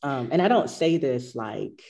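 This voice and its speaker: A middle-aged yoga teacher with a low, mellow voice shares stories from her yoga practice in casual conversation. She is reflective, expressive and unhurried, mimicking her own past reactions as she talks.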